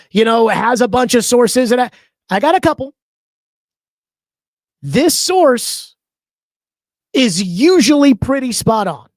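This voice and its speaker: A man's voice: very high-pitched, no echo. A man hosting a sports talk show, giving opinionated commentary in an emphatic, conversational way and stretching out key words.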